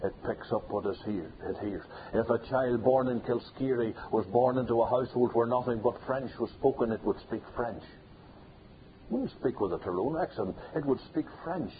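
Emphatic preacher, tinny recording. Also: male voice, mid-range voice, moderate pace. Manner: emphatic, repetitive, builds to loud peaks. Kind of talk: sermon. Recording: tinny phone-like sound with faint hiss.

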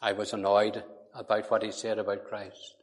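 A man preaching a sermon, slow and deliberate, swinging between quiet low passages and loud forceful emphasis. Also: flat delivery. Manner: emphatic, rising to forceful peaks then dropping low. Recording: long hall reverb.

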